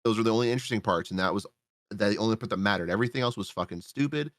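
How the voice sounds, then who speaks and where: Podcast guy, low-pitched and dry, loose profane storyteller who acts out his reactions. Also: very fast, dry recording. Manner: rambling, swears freely, acts out his own reactions. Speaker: podcast co-host reviewing a film. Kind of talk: casual profane movie recap.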